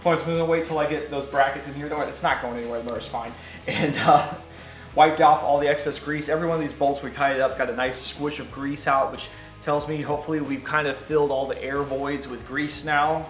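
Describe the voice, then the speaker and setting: A man talking casually through a motorcycle repair in his garage, chatty and quick to correct himself. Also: on the high side, fairly even intonation, roomy sound, faint music behind. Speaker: motorcycle vlogger. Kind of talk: casual workshop how-to. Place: garage workshop.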